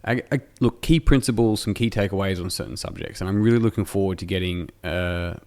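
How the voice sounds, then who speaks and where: A man's voice: sits low, a little fast, darkish tone. An Australian man hosting a podcast in a casual, rambling way, correcting himself and joking with his guest. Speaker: podcast host. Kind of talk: casual conversational interview.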